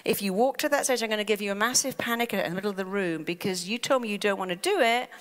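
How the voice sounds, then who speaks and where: A woman's voice: medium pitch, fast talker, fairly bright tone, natural voice. A woman on stage voicing the listener's own mind as an eager, literal helper, in a chatty, matter-of-fact way. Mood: warning. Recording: long reverb of a large hall.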